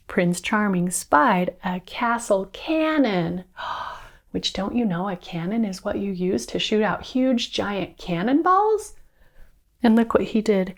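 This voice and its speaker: A woman teacher reads a picture book aloud to children, expressive and coaxing them to join in. Her voice is mid-range and her pace is slow.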